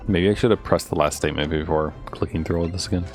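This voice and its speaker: A man talks casually over a game on a live stream, muttering his thoughts as he goes. His voice sits low with a gravelly edge, yet the pitch moves around a lot. Faint music plays behind him. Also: fast. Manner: muttering, thinking aloud.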